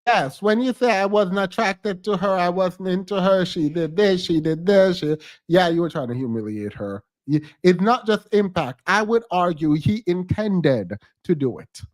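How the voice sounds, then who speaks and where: A man's voice: sits high, animated, normal speed, few pauses. A man giving blunt, emphatic reaction commentary on a podcast clip as a streamer.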